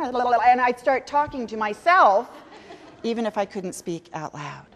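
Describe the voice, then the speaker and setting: A middle-aged woman speaks to teachers at a large conference hall, her talk chatty and self-mocking. Her voice sits a little high and sounds animated at a moderate pace. Long hall reverb trails her words.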